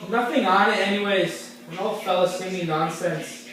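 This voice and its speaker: Man doing fretful old mother, plaintive, needling, fairly high, echoey room, far off. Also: normal speed, close to an everyday voice. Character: frail, whiny old Irish mother. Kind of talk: amateur stage-play acting.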